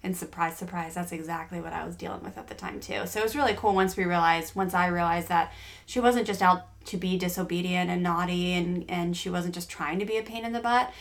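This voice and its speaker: A woman's voice: on the low side, steady tone, a little fast, vocal fry. A middle-aged woman co-hosting a parenting podcast, talking candidly and rambling with many fillers and restarts. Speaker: podcast co-host. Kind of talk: casual parenting podcast chat.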